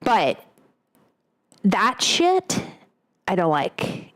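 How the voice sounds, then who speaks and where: A woman in her late thirties with a high voice, chatting bluntly and casually on a cooking stream, rambling and swearing, with frequent laughs, on an omnidirectional mic. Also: very animated, drawn-out words. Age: late 30s. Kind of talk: casual livestream chat.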